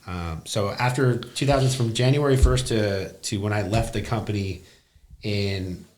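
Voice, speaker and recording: A man's voice: fairly low pitch, a little slow, slight background noise. A young man, a business owner, telling his career story bluntly and profanely in a casual interview. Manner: blunt and profane, animated retelling.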